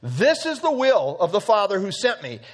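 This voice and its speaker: A man's voice: high-pitched, huge pitch swings, moderate pace. A man teaching an evening Bible study, earnest and emphatic, quoting scripture at length.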